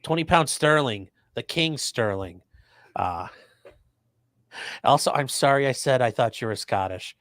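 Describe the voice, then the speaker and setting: Halting male livestream host. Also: mid-range voice, lively intonation, fairly bright tone, no echo. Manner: halting, repeats words, reads super chats aloud. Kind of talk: casual livestream chat.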